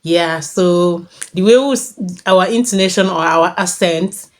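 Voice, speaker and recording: A woman's voice: lowish voice, measured pace. Gushing woman from Africa hosting a reaction. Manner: enthusiastic, repetitive and gushing. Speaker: reaction channel host. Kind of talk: casual reaction commentary.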